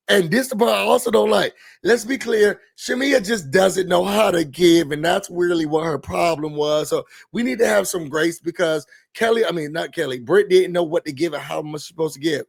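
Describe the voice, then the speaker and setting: A man hosting a reality TV recap, ranting in an animated, sassy, blunt way. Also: high-pitched, normal speed, vocal fry, few pauses, breathy edge.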